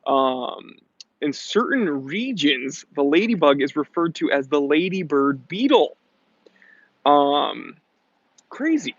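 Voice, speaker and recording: A man's voice: fairly high pitch, sing-song, slow, no room sound. An American man hosting a casual live stream, chatty and upbeat, reading viewer comments aloud and laughing often, with slightly dull lo-fi stream audio.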